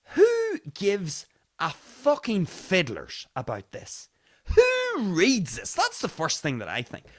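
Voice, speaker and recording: A man hosting his own podcast, giving mocking news commentary full of rhetorical questions and casual swearing. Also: a little high. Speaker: podcast host.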